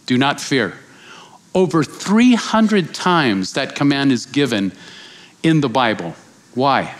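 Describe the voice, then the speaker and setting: A man preaching as a guest speaker, telling a personal story with lively acted-out voices before moving into exhortation. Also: medium pitch. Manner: animated storyteller, acts out quoted voices.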